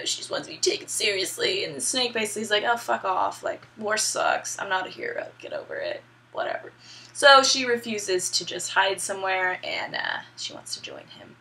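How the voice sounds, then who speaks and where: A woman's voice: mid-range voice, creaky, pushed and bright. A young woman recapping a video game story in a casual, irreverent way, with profane, laughing asides. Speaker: gaming vlogger.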